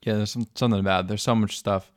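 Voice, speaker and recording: A man's voice: fairly low pitch, steady tone, very fast, no echo, studio quality. A young American man co-hosting a podcast, telling stories in an enthusiastic, casual way. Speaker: podcast co-host. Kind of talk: casual chat.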